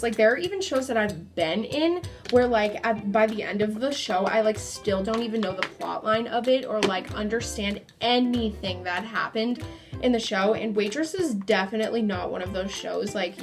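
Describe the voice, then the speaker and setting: A young woman vlogger chatting through a storytime while she does her makeup, filling her talk with likes and ums. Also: medium pitch. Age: young adult.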